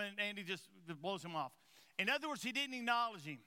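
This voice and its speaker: Pastor guy preaching, high voice, goes quiet then loud, trips over his words a lot. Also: animated, fast talker. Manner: stumbles and repeats words. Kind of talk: sermon.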